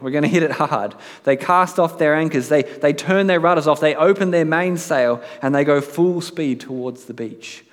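A man preaching a sermon in a conversational way, now and then reading aloud with dramatic emphasis. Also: on the high side. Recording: long hall reverb.

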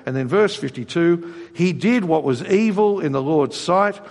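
Man, preacher, expressive sermon, slightly high voice, long hall reverb. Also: moderate pace. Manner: expressive, acts out voices in quotes.

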